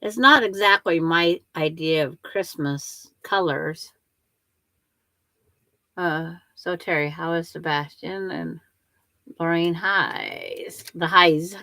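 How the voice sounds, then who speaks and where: An older woman chats away unhurriedly as she sews, her voice sitting a little low. She answers viewers and narrates each quilting step to herself. The sound is dry and close, with no room echo. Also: big pitch swings, slow pace, gravelly, sharp tone. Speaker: quilting livestream host. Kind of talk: casual chat while sewing.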